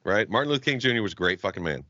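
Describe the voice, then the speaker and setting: Rapid-fire and on the low side, a Jacksonville, Florida podcast co-host rambles through profane stories on his casual comedy show. He acts out the people involved with animated quoted voices. There's no room sound, and the highs are cut off.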